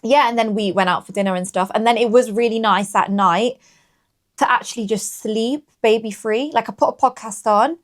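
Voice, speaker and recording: A young woman with a fairly high voice co-hosts a podcast at normal speed. She chats casually and rambles, using lots of fillers.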